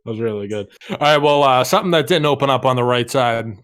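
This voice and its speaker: A male co-host with a mid-range voice, relaxed and teasing. He moves the conversation along with playful jabs. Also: medium pitch, quick pace, smooth. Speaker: podcast co-host. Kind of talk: casual podcast chat.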